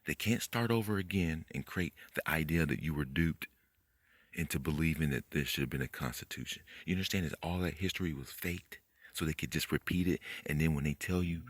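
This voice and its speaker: A man giving a rambling, profane late-night monologue, talking fast, tripping over his words and jumping up in pitch when he gets worked up. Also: fairly bright tone, dry recording. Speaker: conspiracy video host.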